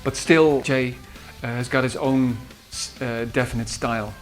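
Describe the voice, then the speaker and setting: A man's voice: medium pitch, fairly even intonation, a little slow. A man with a Dutch accent, a composer recalling his singers in an interview, hesitant with many fillers and restarts. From Netherlands. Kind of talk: interview reminiscence. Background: faint guitar music.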